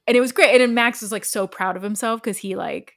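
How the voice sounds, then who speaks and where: A woman chatting casually, spinning a story with constant filler words and quick self-mocking laughs. Her voice sits at an ordinary middle pitch for a woman, and the delivery is loose and conversational. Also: creaky, a bit bright. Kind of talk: casual chat.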